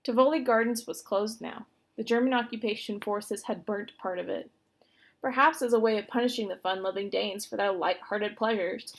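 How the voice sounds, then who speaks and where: A woman reading a children's novel aloud with expressive narration. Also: medium pitch, moderate pace, vocal fry. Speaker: reader. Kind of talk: storybook read-aloud.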